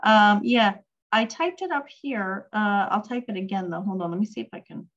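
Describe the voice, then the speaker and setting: A woman's voice: medium pitch, lively intonation, normal speed, highs cut off. A woman teaching a casual online language lesson, chatty and full of ums, reading and answering questions from a chat. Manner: chatty, reads chat aloud, frequent ums. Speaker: Hebrew teacher.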